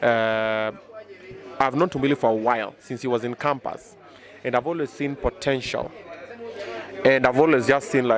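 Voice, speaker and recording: A Kenyan man, around his thirties, talks through a casual interview with lively, boastful energy. He speaks in quick bursts and drops in Swahili phrases, and he is recorded outdoors in the city. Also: mid-range voice. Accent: Kenyan English. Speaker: media personality interviewed. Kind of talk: casual interview chat mixing English and Swahili.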